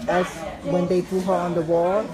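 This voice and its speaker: Low-voiced woman explaining over a crowd. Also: completely flat delivery, normal speed, low-quality recording. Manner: explains in plain talk, directs people. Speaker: rally organizer. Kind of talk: casual explaining to a camera. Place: outdoors at a rally. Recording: loud crowd around. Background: loud crowd.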